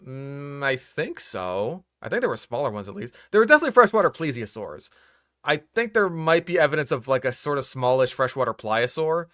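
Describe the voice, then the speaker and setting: A man's voice: medium pitch, big pitch swings, fairly quick, a bit bright, no room sound, studio quality. A young man hosting a reaction commentary, exasperated and profane, picking apart what he hears. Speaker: host reacting to a video.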